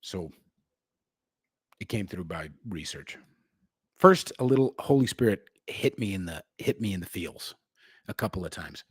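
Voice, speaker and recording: A young man hosting a livestream, talking in a profane, slangy, swaggering way and jumping between loud outbursts and low asides. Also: expressive, unhurried, long pauses, slightly rough, dry recording, clean studio sound. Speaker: livestream host. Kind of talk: unscripted livestream rant.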